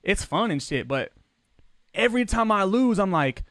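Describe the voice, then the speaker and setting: A man's voice: high voice, sing-song, normal speed, fairly bright tone, no room sound, studio quality. A man streaming a football video game, chatting casually with his viewers in loose, profane slang, his voice jumping up when he gets defensive. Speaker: gaming streamer.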